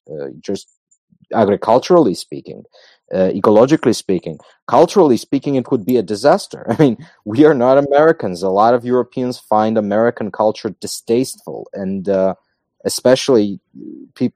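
A man's voice: fairly low pitch, dark tone, no room sound. A man from Macedonia, a guest in a casual talk, making emphatic points in repeated lists. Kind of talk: casual podcast conversation.

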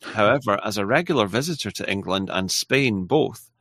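A man hosting a casual livestream, reading viewer messages aloud in a halting, apologetic way. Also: on the low side, expressive, a bit bright, husky, dry recording. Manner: halting and apologetic, with frequent restarts and laughs. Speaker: livestream host.

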